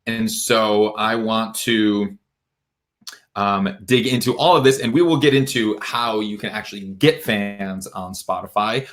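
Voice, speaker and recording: A young man giving an energetic, emphatic livestream talk to musicians, dropping into low asides and jumping up into bright exclamations. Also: unhurried. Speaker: music industry educator.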